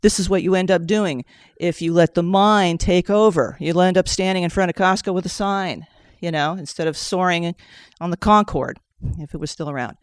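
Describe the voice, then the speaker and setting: Animated woman telling an emotional story. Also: fairly low pitch, normal speed, clean tone, no echo. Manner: animated, jumps into quoting herself and others; tears up while telling it. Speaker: session participant sharing a story.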